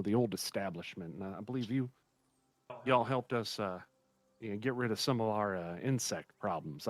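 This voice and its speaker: A man voicing a fatherly old innkeeper in a tabletop game, halting and rambling with many fillers. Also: fairly low pitch, dry recording, natural voice.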